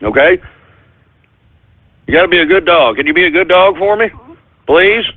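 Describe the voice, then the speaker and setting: A man with a high-pitched voice hosts a comic talk radio show over a thin, phone-like line. He rambles to his listeners and keeps snapping, exasperated, at people and pets off the air. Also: animated, normal speed. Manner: exasperated, scolding asides to an unseen crew and a dog. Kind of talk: comedic talk radio monologue. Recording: phone-like narrow-band audio.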